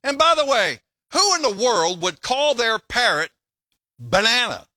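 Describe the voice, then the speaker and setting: Startled burglar, played by a man, exasperated, high and lively. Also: measured pace, no echo, clean studio sound, exaggerated voice. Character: startled, irritated male burglar.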